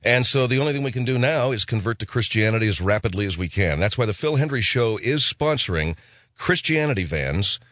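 A man's voice: fairly low pitch, a little fast, no echo. A man hosting a radio talk show, delivering a rambling comic monologue. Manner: rambling, animated, slips into mock voices.

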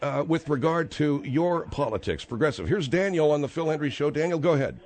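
Male radio host, brisk, moderating, a bit higher voice. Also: expressive. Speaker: radio talk show host. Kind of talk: hosting a call-in show.

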